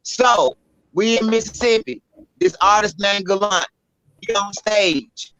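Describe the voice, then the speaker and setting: A Southern woman spins a story in a bright, forceful voice, blunt and animated, with salty language. The audio is dry and dull, like a lo-fi podcast mic close up. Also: medium pitch, slow pace, dry recording. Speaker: spoken word poet, guest. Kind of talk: casual storytelling. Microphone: podcast microphone.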